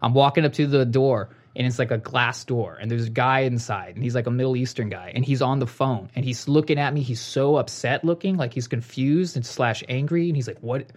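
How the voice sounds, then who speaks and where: A man in a casual chat rambling through a long story. He keeps restarting his sentences and slips into acted-out lines of dialogue. His voice sits at a middling pitch. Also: fairly quick, few pauses.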